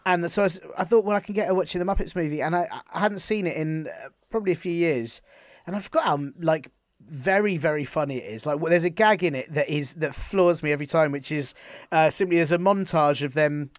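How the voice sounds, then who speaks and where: A man, enthusiastic and animated as he tells stories in a relaxed chat. His voice sits a little high, and the recording is dry and close. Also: fairly quick, no room sound. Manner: enthusiastic, animated storytelling with many restarts. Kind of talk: casual chat.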